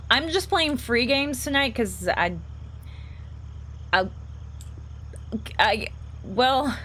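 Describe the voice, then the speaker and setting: Woman streamer, chatty and playful, reads the game out loud and talks to chat, slight hiss under it. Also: on the high side. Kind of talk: casual gameplay commentary.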